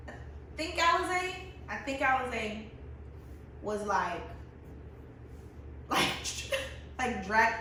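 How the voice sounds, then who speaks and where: Young woman in her twenties, casual storyteller, high-ish bright voice, roomy echo, off-mic. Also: a little hiss or hum. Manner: animated, laughing often, acts out friends' lines. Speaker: vlogger. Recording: very echoey room, mic at a distance.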